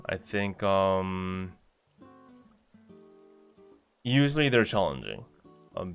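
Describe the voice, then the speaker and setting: A man with a fairly low voice hosts a relaxed livestream. He reads out viewer messages and answers each one in a chatty, unhurried way. Soft guitar music plays faintly underneath. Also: creaky. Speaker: streamer reading chat. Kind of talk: casual livestream chat.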